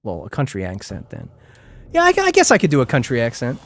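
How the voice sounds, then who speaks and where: A male streamer gives relaxed, rambling commentary as he plays, with "like" in nearly every sentence. His pitch moves around a lot, rising and falling as he reacts. There is a faint hiss of noise behind him. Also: fast. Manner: chatty, rambling, heavy use of "like". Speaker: gaming streamer. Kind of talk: casual live gameplay commentary.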